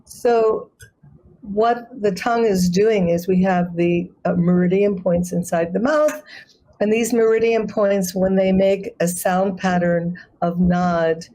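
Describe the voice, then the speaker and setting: A woman who teaches chanting, explaining pronunciation and demonstrating sounds slowly in a conversation over a video call. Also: medium pitch, fairly even intonation, dark tone, rough recording. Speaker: guest, sacred chant artist and yoga teacher.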